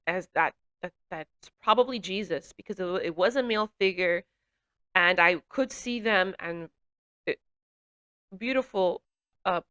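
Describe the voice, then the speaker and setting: Woman sharing a near-death story, bright clear tone, halting and emotional, lots of ums. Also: medium pitch. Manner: hesitant, halting, with many fillers and restarts. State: emotional, runny nose. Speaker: testimony speaker. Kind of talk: personal testimony, reflective storytelling.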